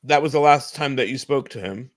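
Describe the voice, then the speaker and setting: A man's voice: mid-range voice, brisk, dry recording. A man hosting a casual podcast chat, blunt and given to swearing. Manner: blunt and profane, with lively ups and downs. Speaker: podcast host. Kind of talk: casual conversation.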